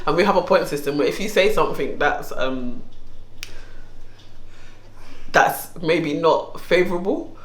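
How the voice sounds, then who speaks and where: A woman co-hosting a casual chat show, teasing and playful. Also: moderate pace. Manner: playful, teasing, dramatic pitch swings. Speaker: podcast co-host. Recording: echoey room with faint noise.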